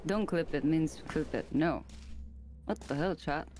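A woman's voice: low voice, unhurried, a little mellow, slight background noise. A woman whose first language is Japanese, chatting playfully as a co-op gaming guest, cursing often and mixing in Japanese words. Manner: playful, swears a lot, slips in Japanese words. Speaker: co-op streaming guest. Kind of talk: casual gaming chat.

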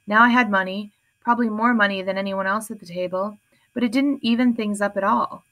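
A woman's voice: medium pitch, fairly even intonation, fairly quick, fairly bright tone. Woman narrating an audiobook. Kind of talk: first-person audiobook narration.

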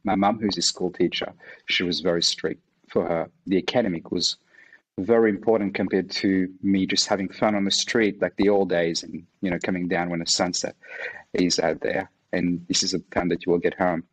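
A man from Mauritius with a French accent, French his first language, a martial arts instructor chatting as an interview guest, laughing often and pausing with fillers. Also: low voice, fairly even intonation, slightly rough, rough recording. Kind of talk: casual interview conversation.

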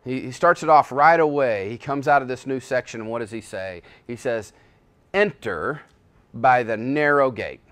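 A man preaching a sermon as pastor, swinging between hushed and loud, emphatic passages, often restarting his words. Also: mid-range voice, a little fast, few pauses, clear, resonant tone. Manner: frequent self-restarts and repetitions.

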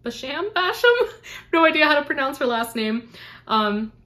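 A woman's voice: a little high, moderate pace, sharp tone. Gushing young woman vlogging book gifts. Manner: gushing, effusive, repeats "so, so". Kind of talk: casual unboxing chat to camera.

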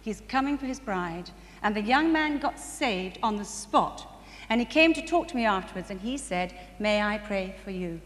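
With a mid-range voice, a woman addresses a church conference, sharing testimony stories in the manner of a sermon. She's animated and quick to laugh, climbing to bursts of excitement, and is captured distantly in a reverberant hall with faint ambient sound.

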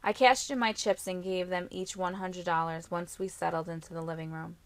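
Low-voiced woman reading a novel. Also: fairly even intonation, a little fast, no echo. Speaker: audiobook narrator. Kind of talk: first-person novel narration.

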